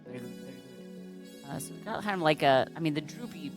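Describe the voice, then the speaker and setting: A woman's voice: low voice, expressive, brisk, over music. A woman hosting a casual livestream as a balloon artist, chatty and playful, greeting viewers and making puns. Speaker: balloon artist streamer host.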